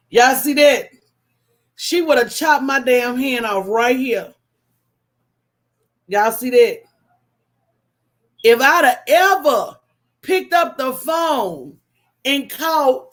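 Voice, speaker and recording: Slow-talking woman preaching to viewers. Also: sits high. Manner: animated, preachy storytelling with call-and-response asides. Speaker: host. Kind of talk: casual livestream talk.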